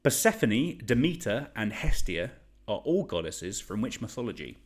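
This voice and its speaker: A man's voice: fairly low pitch, very animated, normal speed. A man around thirty, hosting a live online quiz in a chatty, rambling, joking way. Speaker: quiz host.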